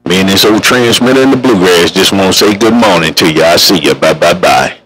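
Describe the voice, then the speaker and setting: A man's voice: sits low, a little fast, a bit bright, slight background noise, low-quality recording. A man chatting casually over a CB radio in a folksy, drawling way. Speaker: CB radio operator.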